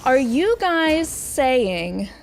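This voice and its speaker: A young woman hosts a casual game stream and chats to her viewers in a goofy, self-mocking way. Her voice sits a little high, and she talks at an unhurried pace. She giggles often and laughs at herself. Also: very animated, creaky, soft background music. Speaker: VTuber streamer.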